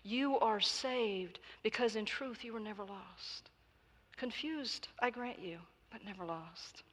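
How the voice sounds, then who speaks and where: A woman reading as a calm, hushed God. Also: mid-range voice, breathy edge. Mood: serene. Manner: slow, soft, hushed delivery. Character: calm gentle God, patient and puzzled. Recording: long reverb of a large hall.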